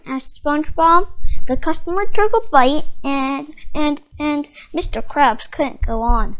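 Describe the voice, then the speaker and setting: A storybook reader narrating a children's book aloud, gently and clearly. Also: high voice, takes it slowly.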